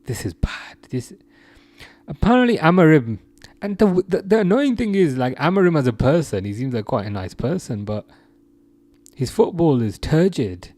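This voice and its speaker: A man's voice: a little high, mellow, no echo. A man casually hosting a football livestream, reading viewer comments aloud and laughing often. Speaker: livestream host reading chat.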